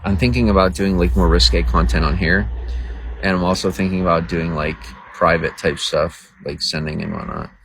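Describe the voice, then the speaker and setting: A man's voice: low-pitched, fairly even intonation, moderate pace, creaky, a little hiss or hum, low-quality recording. A man livestreaming to viewers in casual talk, crude, boastful and rambling. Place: outdoors by a road.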